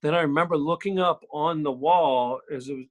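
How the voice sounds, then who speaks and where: A chatty man with a slightly high voice, a podcast guest who tells a loose, filler-heavy story from home. He talks in an easygoing way. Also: fairly quick. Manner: chatty, full of fillers and mimicked quotes. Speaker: podcast guest, soap actor. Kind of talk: casual storytelling. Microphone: remote call from home.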